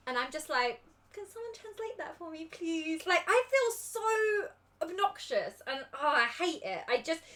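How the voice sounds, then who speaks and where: A woman's voice: a little high, bright, forceful tone. A young woman with an English accent, chatting casually on a livestream as a cosplay judge while she works on a craft project. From England. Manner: chatty, giggly, rambling.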